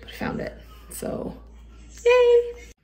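A woman talking casually to the camera at home for a family vlog. She is chatty and excitable, and she rambles through lists with plenty of fillers. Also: mid-range voice, moderate pace. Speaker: family vlogger.

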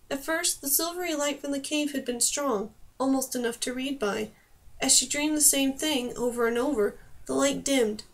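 A woman reads a fantasy novel aloud in a steady, even storytelling voice. Her pitch sits high for a woman. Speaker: audiobook narrator. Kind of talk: audiobook reading of a fantasy novel.

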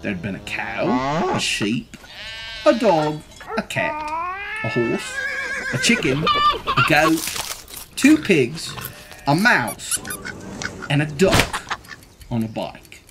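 Slow, animated woman reading storybooks. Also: low-pitched, heavy background noise. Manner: animated, slow read-aloud with asides. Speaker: storybook reader. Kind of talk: children's read-aloud.

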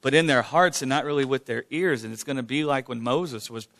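A man's voice: mid-range voice, a little fast, fairly bright tone. A man leading an informal church question-and-answer session, speaking fervently and often repeating "man" and "Glory to God". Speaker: church leader hosting a Q&A.

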